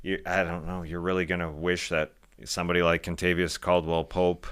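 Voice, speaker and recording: A deep-voiced American man talks through basketball games on a podcast, loose and rambling, often stopping to correct himself. His voice is smooth and resonant. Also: little pitch movement, fairly quick, fairly bright tone. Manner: rambling, self-correcting, laughs easily. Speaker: podcast co-host. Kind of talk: casual sports chat.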